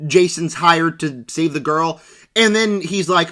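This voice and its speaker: A man's voice: fairly high pitch, measured pace, bright, forceful tone. A man ranting through a casual movie review with a sarcastic, exaggerated delivery.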